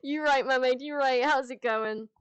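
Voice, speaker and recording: With a high, clean-toned voice at a moderate pace, this woman streams on a headset with no room sound. She answers her chat in casual livestream talk, rambling candidly with lots of restarts and a swear here and there.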